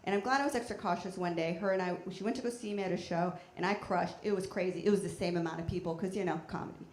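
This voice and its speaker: A woman's voice: on the low side, fast talker. Woman doing stand-up in an echoey theater. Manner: deadpan, chatty, with bursts of loud shouting. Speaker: stand-up comedian. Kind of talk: stand-up comedy set. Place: theater stage before a live audience. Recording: echoey theater with faint noise.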